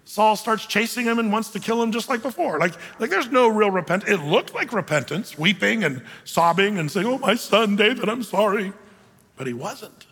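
A high-voiced pastor preaches at a moderate pace with few pauses and a breathy edge. His delivery is loose and animated, with quoted people acted out, all under the long reverb of a large hall.

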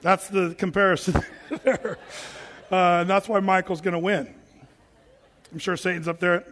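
A pastor preaching a sermon in a joking, animated way, acting out quoted voices as he goes. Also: high-pitched, unhurried, pauses often. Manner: jokey, acts out quoted voices; self-described big guy. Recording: long reverb of a large hall.

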